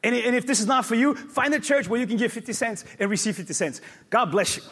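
A male pastor preaching a sermon, emphatic and repetitive, with sudden loud peaks. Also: extremely high pitch, expressive, quick pace, husky.

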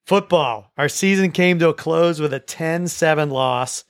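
A man's voice: fairly high pitch, a little slow, clear, resonant tone, dry recording, studio quality. Man hosting a school sports recap. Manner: relaxed, with frequent restarts and repeated words. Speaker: host of a school sports show. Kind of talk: casual sports recap chat.

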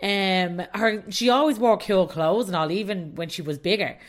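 An Irish woman hosts her podcast in a relaxed, rambling chat. She is bubbly and laughs easily, and her pitch sits in a middle range for a woman. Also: normal speed. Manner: bubbly, chatty, laughs often. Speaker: podcast host. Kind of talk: casual solo podcast chat.

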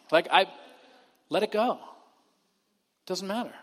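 A male pastor delivers a casual, conversational sermon. He moves between loud, pressing emphasis and soft, near-quiet stretches. His voice carries a long reverb from a church hall. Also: a little high, normal speed, long pauses.

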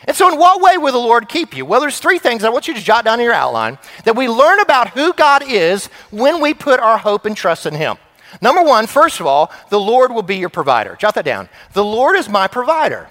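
A middle-aged man preaching a sermon as pastor, telling a family story with lively acted voices. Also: extremely high pitch, moderate pace. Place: church sanctuary. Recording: long church hall reverb.

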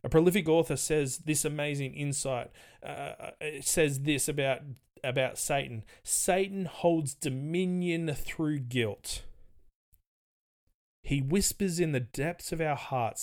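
A man's voice: fairly high pitch, slow, darkish tone. Man preaching a vivid storytelling sermon. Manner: storytelling, rising to emphatic emphasis.

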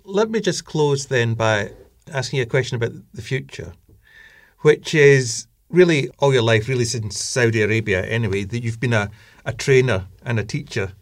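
A man hosts an interview podcast and poses his questions thoughtfully. His pace is measured and unhurried. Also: medium pitch. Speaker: podcast host.

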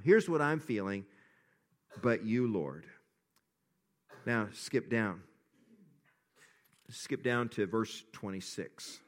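A male pastor preaching a sermon and reading scripture, earnest, dropping to hushed lows and rising to impassioned appeals.

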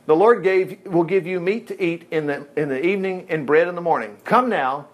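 Folksy pastor with a high voice. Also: male voice, brisk. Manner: folksy, animated, chuckling asides. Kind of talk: sermon.

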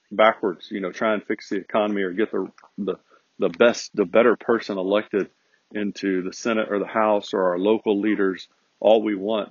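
A man's voice: on the low side, husky, dry recording, muffled recording. A man hosting a podcast, delivering an earnest, preachy monologue to listeners he calls folks. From United States. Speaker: podcast host. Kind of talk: conservative opinion podcast monologue.

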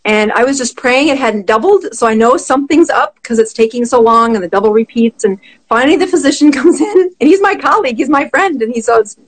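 A middle-aged woman, a physician guest, telling a personal story in conversation, animated and quick to laugh. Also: a little high, low-quality recording.

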